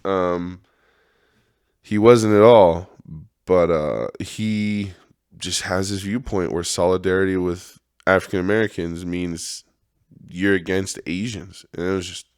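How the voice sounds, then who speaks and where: Low-voiced man in a rambling podcast rant. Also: steady tone, unhurried, darkish tone, smooth, no room sound, clean studio sound. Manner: rambling, profane, laughs often. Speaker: podcast host. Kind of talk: casual podcast monologue.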